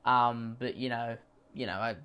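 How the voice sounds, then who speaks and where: A man delivering a rambling, deadpan comedy monologue full of deliberate restarts. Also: medium pitch, clean tone. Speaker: comedy creator.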